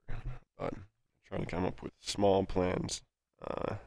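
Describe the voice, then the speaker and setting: A man coaching a player through a game review, talking calmly with plenty of fillers, his nose stuffy. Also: sits low, moderate pace, creaky, dry recording. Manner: calm, instructive, with many fillers.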